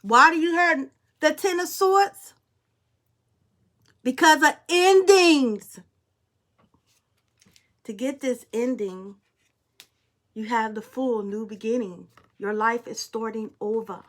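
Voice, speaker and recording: A woman's voice: on the high side, slow pace, long pauses, a bit bright. A woman spiritual reader in a tearful, passionate monologue, blunt and preachy, speaking.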